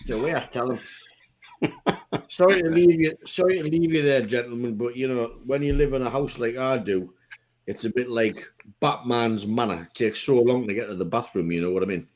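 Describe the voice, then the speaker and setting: A man's voice: medium pitch, a little fast, darkish tone. A middle-aged man with a Geordie accent co-hosting a casual chat, rambling and joking at his own expense. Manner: rambling, jokey, self-deprecating. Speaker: podcast co-host.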